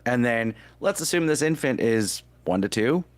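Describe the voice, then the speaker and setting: Wisecracking man with a lively pitch. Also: moderate pace, dry recording. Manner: wisecracking, argumentative. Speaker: podcast co-host. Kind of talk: casual banter.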